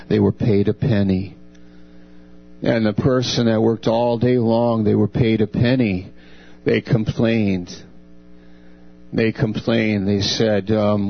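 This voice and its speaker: A man delivers a slow, unhurried sermon in a gravelly voice. He preaches earnestly and acts out divine speech with a lifted tone. The recording is dull and lo-fi, with a mains hum underneath. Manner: earnest, dramatizes God's words with raised pitch.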